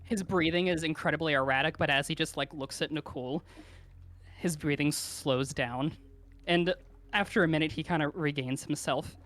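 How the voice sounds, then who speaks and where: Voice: medium pitch, moderate pace, a bit bright. A player in a tabletop game, narrating their character's actions in a descriptive, story-like way. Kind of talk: casual tabletop play.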